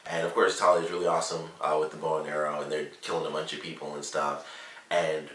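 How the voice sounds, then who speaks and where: A low-pitched man talks through a TV episode review in a loose, rambling way, leaning on "like" and "you know". His voice has a bright, forceful edge. He sits back from the mic in an echoey room. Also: flat delivery, quick pace, far from the mic. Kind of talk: casual spoken review.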